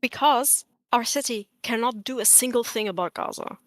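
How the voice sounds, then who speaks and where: Woman debater, slightly high voice, dry close mic, blunt and profane, lectures over interruptions. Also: moderate pace, dry recording. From Arab diaspora. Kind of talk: heated online debate.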